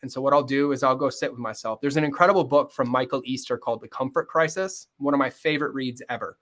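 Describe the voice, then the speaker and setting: A middle-aged man speaking candidly as a podcast guest, earnest and fast-flowing, often acting out bits of dialogue. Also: medium pitch, a bit bright. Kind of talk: candid interview conversation.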